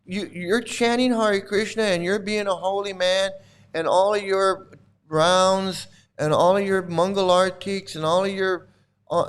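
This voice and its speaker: A man's voice: high voice, clear, resonant tone. A middle-aged man delivering a furious, repetitive monologue to camera, swearing and bitter. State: angry, voice breaking at times. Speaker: channel host, cult critic.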